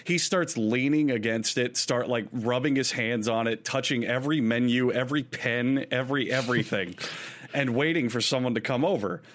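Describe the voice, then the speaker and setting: A man co-hosting a podcast tells a long story in a casual, rambling way. His voice sits at an ordinary middle pitch. He talks loosely, with fillers and small laughs. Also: moderate pace, a bit bright. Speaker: podcast co-host.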